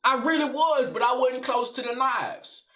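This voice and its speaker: A man telling a family story to the camera in a storytime monologue. He is animated, slangy and profane, and often checks in with the listener. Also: extremely high pitch, moderate pace.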